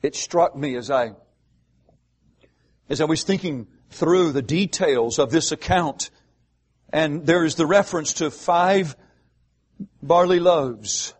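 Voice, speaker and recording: Man, pastor, sermon, rhetorical questions, emphatic pauses, husky voice. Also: fairly high pitch.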